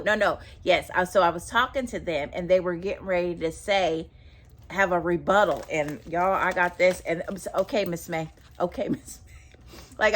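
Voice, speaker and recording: A woman's voice: mid-range voice, a bit bright. A teacher giving casual, emphatic classroom advice to other teachers and repeating her points. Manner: emphatic, repeats herself, talks straight to viewers.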